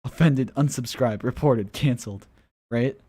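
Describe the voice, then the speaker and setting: A man's voice: medium pitch, unhurried, dark tone, husky. A man running a casual livestream, answering viewers' questions and talking straight to them. He often calls them guys, and at times he slips into a mocking rant with scoffing laughs. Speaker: crypto livestreamer.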